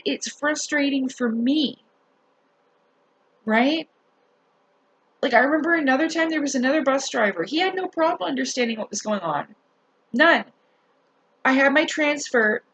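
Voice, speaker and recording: A woman telling a story in a casual rant to her viewers, animated, swearing and laughing as she talks. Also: fairly high pitch, low-quality recording. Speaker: vlogger.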